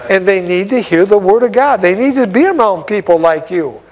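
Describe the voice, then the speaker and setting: A man preaching an informal sermon as a visiting evangelist, breaking often into laughs and shouts of praise. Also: high voice, lively intonation, fairly quick, rough recording.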